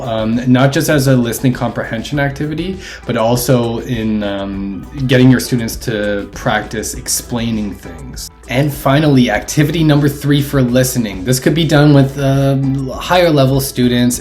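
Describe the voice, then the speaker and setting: A male English teacher with a medium-pitched voice shares tips for classroom activities. His delivery is relaxed and casual, peppered with plenty of ums and uhs.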